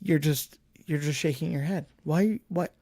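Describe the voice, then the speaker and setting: A man's voice: fairly high pitch, a little slow, mellow. A man co-hosting a podcast in casual chat about a film, blunt and opinionated, swearing freely. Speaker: podcast co-host.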